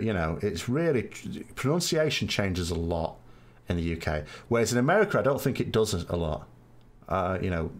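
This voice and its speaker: A South Yorkshire man hosting a live stream, talking in a loose, rambling way with dry jokes dropped in. His voice sits fairly low but swings up and down a lot as he talks. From England. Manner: chatty, rambling, wry asides. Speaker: podcast host. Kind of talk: live stream chat answering viewers.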